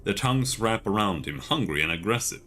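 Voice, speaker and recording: A man streaming a video game, reading its text aloud in a steady, measured way with casual asides. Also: on the low side.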